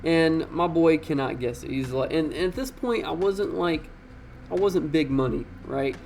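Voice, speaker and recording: A young man tells a story in a casual, slangy way and swears freely. His voice is gravelly and sits a little high. He is animated and talks like he is chatting with friends. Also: moderate pace, a little hiss or hum.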